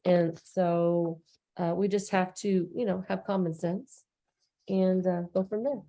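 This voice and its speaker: A woman's voice: lowish voice, fairly even intonation, unhurried, warm tone. A woman co-hosting a casual recap chat, talking earnestly and loosely with plenty of fillers. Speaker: co-host.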